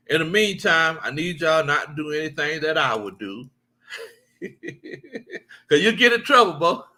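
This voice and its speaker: A man's voice: mid-range voice, sharp tone. A man hosting a casual livestream sports chat, reading viewer comments, joking, laughing often and repeating his lines.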